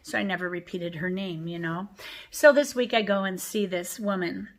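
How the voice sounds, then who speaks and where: A woman's voice: medium pitch, moderate pace. A middle-aged woman chatting to camera about something that happened to her. She sounds emotional and acts out both sides of conversations as she retells them. Her voice sits in an ordinary middle range for a woman. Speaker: vlogger. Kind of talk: personal storytime chat.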